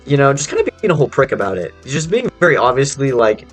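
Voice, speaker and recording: A young adult man telling a personal story in casual speech, animated and rambling, with lots of fillers and swearing. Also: mid-range voice, brisk, hardly any pauses, faint music behind. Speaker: storyteller vlogger.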